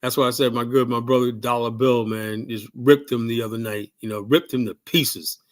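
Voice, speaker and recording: A man's voice: mid-range voice, steady tone, moderate pace. American guy ranting on his call-in show, heated, keeps going "you know?". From United States. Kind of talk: ranting livestream commentary.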